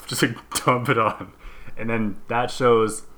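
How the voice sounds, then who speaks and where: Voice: medium pitch, lively intonation, takes it slowly, bright, forceful tone. A comedy podcast co-host giving mock-serious bad advice in a dry delivery. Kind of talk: improvised comedy chat.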